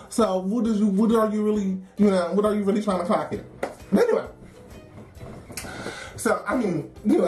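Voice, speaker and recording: A woman telling a story in a casual, animated, wry way, laughing often. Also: medium pitch. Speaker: storyteller in a documentary. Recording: roomy echo with faint music.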